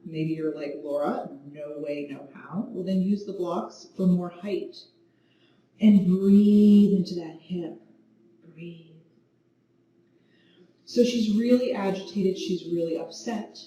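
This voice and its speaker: Slow, mellow woman teaching yoga. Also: lowish voice, lo-fi sound. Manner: calm, gentle spoken cues. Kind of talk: guided yoga class with storytelling. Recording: very echoey room, mic at a distance, faint noise.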